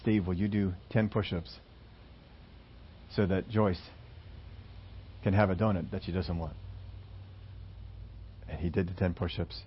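A preacher telling an illustration story in a sermon, halting at times with fillers and restarts. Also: male voice, deep voice, steady tone, dull audio, a little hiss or hum.

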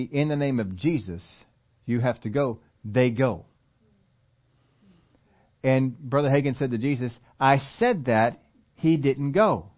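A man preaching a sermon in a conversational storytelling way, laughing between points and rising into loud emphatic quotes. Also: medium pitch, muffled recording. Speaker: pastor.

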